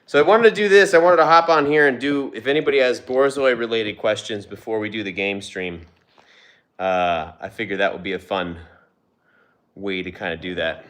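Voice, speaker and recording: A man's voice: lowish voice, normal speed, a bit bright. A young man hosting a casual livestream from home, talking loosely with fillers and restarts, recorded on a phone. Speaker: livestream host and dog owner. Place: home, with dogs nearby. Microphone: phone on a tripod, vertical stream.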